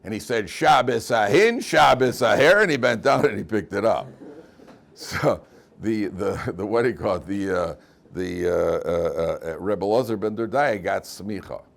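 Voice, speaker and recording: A man's voice: sits low, normal speed, vocal fry. A middle-aged man teaching a class as a rabbi, telling stories and jokes, often repeating and restarting his phrases. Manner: animated storyteller, repeats phrases, many restarts. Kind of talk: casual lecture with jokes.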